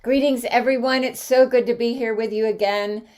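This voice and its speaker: A slightly high female voice at a moderate pace belongs to the host of an online sing-along. She greets her viewers by name with cheerful energy, reeling off names amid warm, casual online chatter.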